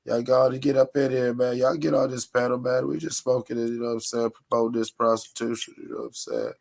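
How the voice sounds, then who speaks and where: A man from North Carolina with a raspy, nasal voice, chatting casually as a podcast host in a laid-back, rambling, slangy way. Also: medium pitch, level tone, a little fast, a little mellow. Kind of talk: casual chat.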